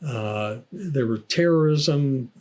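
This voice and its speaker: A man's voice: medium pitch, expressive, takes it slowly, darkish tone. An older man with a Southern American accent, an author guest telling stories in a casual interview and laughing often. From United States. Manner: chatty storyteller, laughs often.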